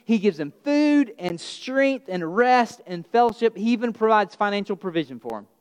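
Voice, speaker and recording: High-voiced male pastor preaching in a hall. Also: normal speed, smooth. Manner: animated storytelling, acting out the disciples' lines. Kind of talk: sermon.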